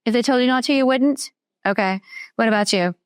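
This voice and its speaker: A woman teaching children a Bible story, asking them questions and slowing down on key words. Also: fairly high pitch, clear, resonant tone, no echo. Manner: patient, questioning, slows down for emphasis.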